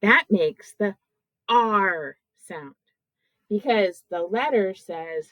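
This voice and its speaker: Slow, patient kindergarten teacher woman. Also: medium pitch, expressive, fairly bright tone, no room sound, rough recording. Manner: sounds out words syllable by syllable, encouraging.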